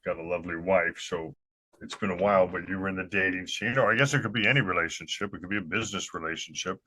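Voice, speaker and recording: A man's voice: low voice, fast talker, sharp tone, slightly rough. A man hosting a casual podcast chat, talking in a blunt, opinionated way with some swearing. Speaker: podcast host.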